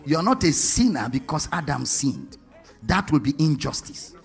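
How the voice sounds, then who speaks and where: Man, sermon, gravelly texture, rhetorical questions, faint background music. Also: a little high, moderate pace. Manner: animated, rhetorical questions to the congregation. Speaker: preacher.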